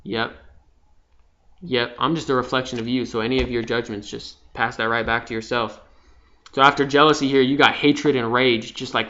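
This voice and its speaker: A young man giving an impassioned, profane spiritual monologue, dropping from hushed to loud. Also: medium pitch, level tone, moderate pace. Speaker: vlogger. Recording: slightly dull lo-fi sound.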